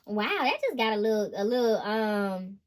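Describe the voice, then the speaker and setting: A woman giving a tarot reading, talking in an animated, emphatic, slangy way and laughing often. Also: medium pitch, normal speed. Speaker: intuitive tarot reader.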